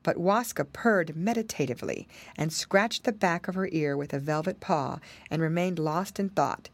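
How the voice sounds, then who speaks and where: A woman reading a fairy tale aloud in an expressive, measured storybook style. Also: deep voice. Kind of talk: storybook narration.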